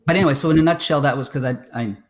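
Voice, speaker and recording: A man's voice: fairly high pitch, racing. A man, a filmmaker guest, chatting casually on a video call, rambling with many fillers and restarts. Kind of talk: casual interview chat.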